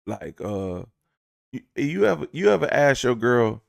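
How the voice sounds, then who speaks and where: A man's voice: medium pitch, big pitch swings, unhurried, vocal fry, dry recording, studio quality. A man giving a casual, profane, joking storytime rant to his viewers, rambling and acting out bits of dialogue. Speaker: vlogger.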